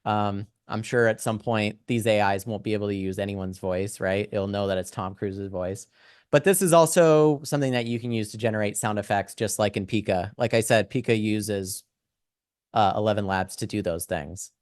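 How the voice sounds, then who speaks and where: A man's voice: fairly low pitch, normal speed, smooth, dry recording, clean studio sound. A young man casually talking through an AI audio tool in a screen-share lesson, chatty and full of "right?" asides. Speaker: instructor demonstrating AI tools.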